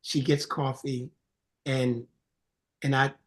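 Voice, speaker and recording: A man, a songwriter and producer, telling an earnest story in a casual interview, getting animated when he acts out greetings. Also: medium pitch, slow.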